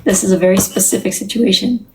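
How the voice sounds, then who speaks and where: A woman's voice: medium pitch, steady tone, quick pace, slight background noise, rough recording. Candid, rambling woman on a livestream. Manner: candid, rambling, many restarts. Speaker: livestream host. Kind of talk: casual live-stream chat.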